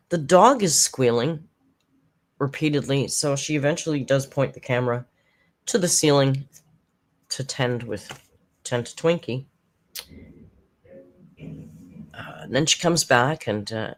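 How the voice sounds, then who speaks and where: A commentary channel host recapping a livestream in a chatty, sarcastic tone, with mocking asides. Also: medium pitch.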